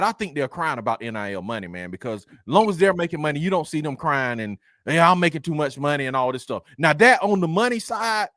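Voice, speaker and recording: Laid-back man, higher voice. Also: fairly bright tone, dry recording, clean studio sound. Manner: laid-back, conversational, frequent 'you know what I'm saying'. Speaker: podcast co-host. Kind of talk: casual sports debate.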